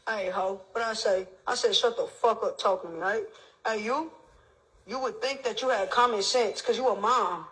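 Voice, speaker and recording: A drunk woman in a heated argument, her voice bright and sharp. She slurs her words and repeats the same insults again and again. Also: medium pitch, moderate pace, poor audio. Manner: slurred, repetitive, insulting.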